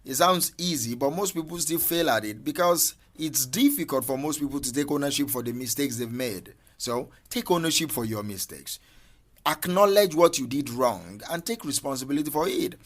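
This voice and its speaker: A man's voice: medium pitch, lively intonation, normal speed. Emphatic male mindset coach. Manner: emphatic, repeatedly asks "do you understand me"; insistent repetitions like "no, no, no". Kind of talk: motivational podcast talk.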